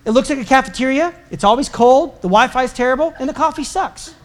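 A man's voice: very high voice, quick pace. A pastor preaching a sermon to his congregation, conversational and joking, with emphatic repetition. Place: church service before a congregation.

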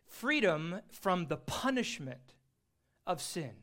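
A man teaching an adult Bible class, earnest and emphatic, slowing down to stress key phrases. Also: high-pitched, very animated, fairly bright tone.

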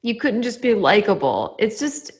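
A woman's voice: medium pitch, big pitch swings, moderate pace, a little hiss or hum. A woman co-hosting a casual podcast, teasing her co-host with dry quips and frequent laughter. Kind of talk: casual chat.

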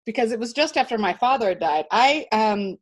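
Interview guest, female, slightly high voice, animated storyteller who restarts often. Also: fairly quick. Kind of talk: storytelling in conversation.

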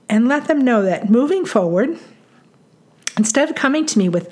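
A middle-aged woman giving parenting advice in a calm, chatty way, repeating points for emphasis. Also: fairly high pitch, moderate pace. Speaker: parenting coach. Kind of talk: solo advice talk.

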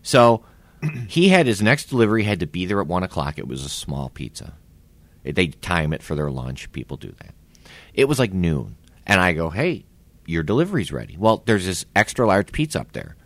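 Podcast co-host, forties, low voice that swings wide, profane and animated, dry sound. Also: male voice, moderate pace, dry recording. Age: 40s. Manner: animated, swearing, acts out quotes. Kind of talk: casual storytelling chat.

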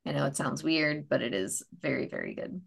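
A woman hosts a laid-back comic book chat, rambling through each issue with casual swearing. Her voice sits low with a gravelly fry. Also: expressive, fairly quick. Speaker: comic book podcast host.

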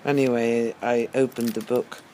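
A middle-aged man musing aloud in a slow, hesitant monologue with many pauses and ums. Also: mid-range voice, flat delivery, mellow, a little hiss or hum. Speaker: teacher. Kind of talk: reflective spoken monologue.

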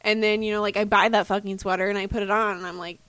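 A woman's voice: mid-range voice, flat delivery, fast, a bit bright, dry recording. A young woman co-hosting a casual podcast chat, joking and teasing. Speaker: podcast co-host.

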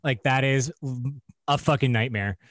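A man's voice: mid-range voice, measured pace, noisy background. A man co-hosting a podcast, talking in an easygoing, joking way. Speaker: podcast co-host. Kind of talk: casual chat.

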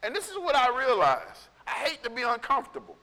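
A male pastor preaching in a casual storytelling way, animated and conversational, acting out what people said. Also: extremely high pitch, fairly quick, long reverb tail. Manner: animated, conversational, acts out quotes. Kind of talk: storytelling sermon.

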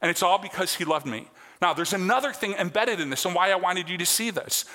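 A male pastor with a notably high, bright voice delivers an earnest sermon in a conversational way. His words carry a long reverb from a large church sanctuary. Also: animated, fast. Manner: earnest, conversational preaching with check-ins to the congregation.

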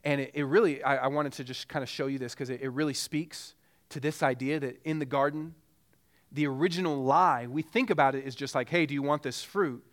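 A man's voice: mid-range voice, steady tone, a little fast. A man preaching a sermon as pastor, earnest and pressing with repeated rhetorical questions.

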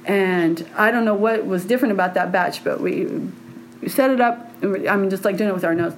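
A woman's voice: mid-range voice, fairly quick, slight background noise, low-quality recording. A woman telling a personal story in a frank, meandering way with frequent laughter.

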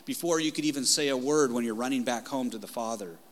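A male pastor preaching a passionate, conversational sermon in a church, moving between loud and soft delivery. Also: mid-range voice, fast talker, long reverb tail. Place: church sanctuary.

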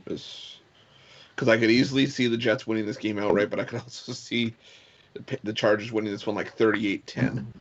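A man's voice: lowish voice, fairly even intonation, brisk, lo-fi sound, a little hiss or hum. A man hesitantly weighing a sports pick, unsure and torn. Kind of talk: casual betting picks chat.

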